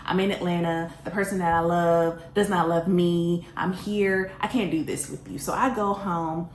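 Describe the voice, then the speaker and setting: A woman telling a personal story in a casual storytime vlog, animated and self-mocking, often laughing. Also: fairly low pitch, normal speed. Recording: roomy echo, faint background hiss.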